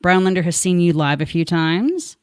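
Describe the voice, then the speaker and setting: A woman's voice: fairly low pitch, lively intonation, normal speed, a little hiss or hum. A woman hosting a podcast, chatting casually and rambling a little with fillers. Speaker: podcast host. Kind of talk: casual chat.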